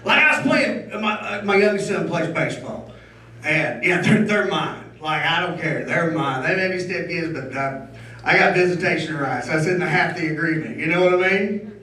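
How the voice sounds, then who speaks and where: Rowdy stand-up comic in an echoey club. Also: male voice, a little high, lively intonation, moderate pace. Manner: loud, rowdy, crowd-baiting, crude. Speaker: stand-up comedian. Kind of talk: stand-up comedy set. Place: comedy club stage. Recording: roomy club sound from a distance.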